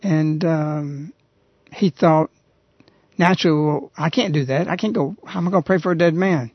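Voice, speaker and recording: A man hosting a radio talk show, earnestly retelling a story in a halting, conversational way. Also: a little high, no echo. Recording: dull, lo-fi radio recording.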